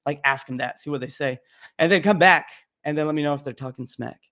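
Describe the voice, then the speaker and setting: A man's voice: a little high, fast, sharp tone. A young man hosting a casual live question-and-answer stream about coding, talking bluntly and jokingly with plenty of fillers.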